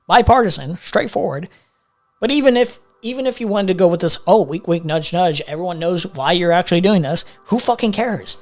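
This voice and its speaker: A live commentary streamer ranting in an exasperated, profane way, often repeating words while reacting to a debate clip. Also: mid-range voice.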